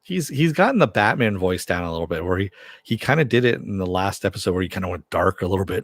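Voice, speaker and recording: Rambling low-voiced man hosting a live chat. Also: animated, fast, dry recording. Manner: rambling, self-deprecating, chuckles often. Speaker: live stream host. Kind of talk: casual live-stream chat reading comments.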